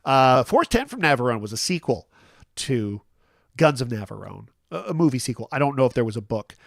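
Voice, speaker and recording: A man's voice: mid-range voice, very animated, a little fast, vocal fry, a bit bright, no room sound, studio quality. A man about to turn fifty hosts a casual live-stream chat alone, rambling and self-deprecating, with many restarts and fillers. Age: 40s. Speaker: host.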